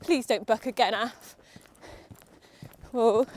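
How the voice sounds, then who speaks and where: A woman's voice: a little high, steady tone, slow, darkish tone. A young woman vlogging while riding her horse, chatty and nervous, talking to the horse and her viewers. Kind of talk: casual chat while riding. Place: outdoor riding arena.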